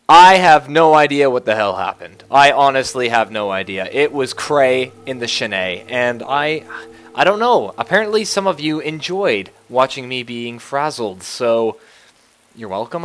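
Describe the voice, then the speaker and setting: A man hosting a gameplay video, talking through his game in a joking, self-mocking way with sudden excited yelps. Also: medium pitch. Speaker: gaming video host. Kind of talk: gameplay commentary.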